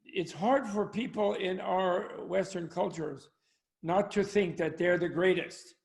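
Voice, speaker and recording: Gravelly, high-pitched older man. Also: a little slow. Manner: rambling, anecdotal, chuckling. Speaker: Buddhist scholar, professor. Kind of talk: discussion with jokes. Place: home, online talk. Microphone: video call.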